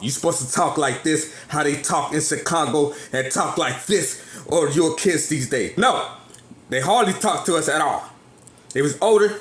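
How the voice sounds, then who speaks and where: A man in his thirties from California, ranting on a phone video with an agitated, rambling delivery that swings from loud to soft. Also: mid-range voice, reverberant, slight background noise. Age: 30s. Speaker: vlogger. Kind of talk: casual rant to phone camera. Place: grocery store.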